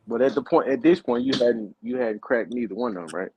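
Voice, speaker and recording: A man's voice: mid-range voice, a little fast, darkish tone, highs cut off, a little hiss or hum. A man co-hosting a casual podcast, reacting to a friend's story with teasing follow-up questions. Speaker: podcast co-host. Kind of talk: casual chat, asking questions.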